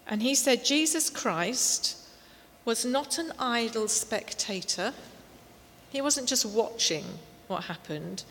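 Slow-speaking woman preaching in a hall. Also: a little high. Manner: slow, emphatic, with warm storytelling asides. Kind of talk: sermon. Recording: long hall reverb, faint noise.

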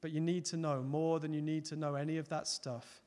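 A man preaching a sermon, earnest, rising to loud emphatic peaks and dropping to soft, close appeals. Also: a little high, little pitch movement, brisk. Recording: long hall reverb.

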